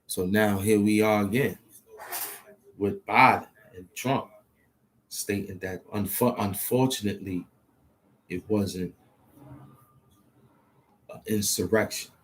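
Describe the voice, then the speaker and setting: Low-voiced man thinking aloud. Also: slow pace, long pauses, breathy edge. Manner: hesitant, repeats himself, talks to himself. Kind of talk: rambling monologue, thinking aloud.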